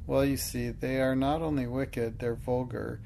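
A man's voice: medium pitch, fairly even intonation, unhurried, vocal fry, warm tone, a little hiss or hum. A man reading the part of an earnest, thoughtful and proud young schoolgirl in a storybook, speaking in careful, earnest words.

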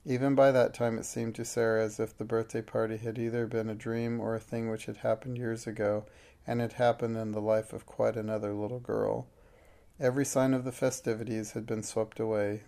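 Male storybook narrator; gravelly, level, unhurried read. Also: on the low side, warm tone. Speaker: audiobook narrator. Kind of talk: scripted narration.

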